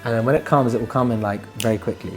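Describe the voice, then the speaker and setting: A man, a musician, chatting casually in an interview in a relaxed, rambling way that trails off softly at times. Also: mid-range voice, racing, soft background music. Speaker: musician guest.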